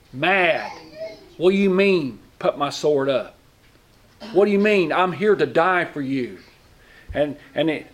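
Man preaching, loud bursts and low asides. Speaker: pastor. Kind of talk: sermon.

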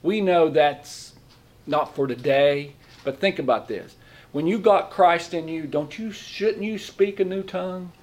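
A man's voice: fairly high pitch, a little slow. A middle-aged man giving a conversational sermon as a lay preacher, folksy, talking in plain informal grammar and often asking the room questions.

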